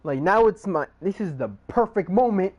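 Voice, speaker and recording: A man's voice: sits high, expressive, dull audio. A man doing a gloating old villain. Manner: gloating, drawn-out.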